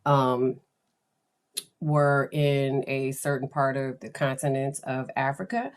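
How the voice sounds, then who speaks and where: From the United States, this woman hosts her own podcast, talking in a chatty, enthusiastic way and laughing often. Her voice is very deep, clear and resonant, with a slow pace.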